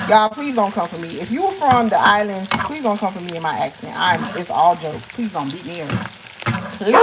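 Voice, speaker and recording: A woman's voice: mid-range voice, lively intonation, normal speed, noisy background. A woman hosting a casual cooking live stream, joking and chatting playfully with her viewers as she cooks. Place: home kitchen. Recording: frying sizzle in kitchen.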